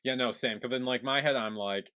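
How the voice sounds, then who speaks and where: A young man co-hosting a podcast in casual chat, retelling plot and quoting the characters in a low, soft voice. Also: brisk. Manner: relaxed storyteller, quotes the characters in a low soft voice. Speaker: podcast co-host.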